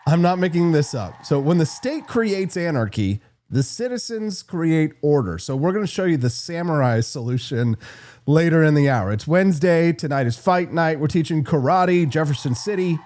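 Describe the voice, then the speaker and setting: A man hosting a live political talk show, brash and quick, reacting to chat and plugging sponsors. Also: fairly high pitch, darkish tone. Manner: brash, fast-talking, reads live chat. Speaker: host.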